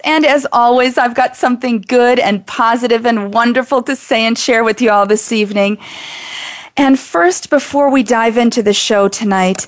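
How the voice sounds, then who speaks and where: A woman's voice: fairly high pitch, normal speed, dry recording, clean studio sound. A middle-aged American woman hosting a talk radio show with earnest enthusiasm. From United States. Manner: enthusiastic, earnest, warm-hearted delivery.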